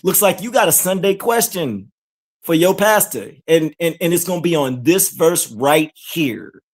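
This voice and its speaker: A mid-pitched podcast host delivers fiery scripture commentary with a lively, swooping pitch. The host fires off rhetorical questions and repeats words for emphasis. Quiet, hushed asides give way to sudden shouts. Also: measured pace.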